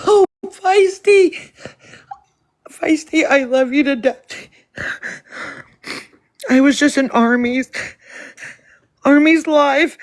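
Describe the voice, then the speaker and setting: A woman's voice: high voice, steady tone, takes it slowly, long pauses. A woman on a live stream, panicked and pleading, shaken and close to tears.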